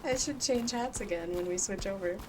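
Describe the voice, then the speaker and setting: A woman's voice: mid-range voice, fairly quick. A woman streamer chatting playfully with her viewers while gaming, often giggling. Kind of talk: casual live-stream chat while gaming. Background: game music.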